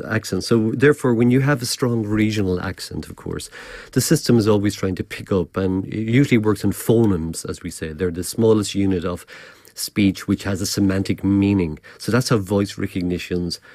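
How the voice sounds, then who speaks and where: A man with an Irish accent, a professor being interviewed on radio, explaining in a measured way with frequent restarts. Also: fairly low pitch, darkish tone, no echo, clean studio sound. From Galway, Ireland. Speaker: cybersecurity professor, guest.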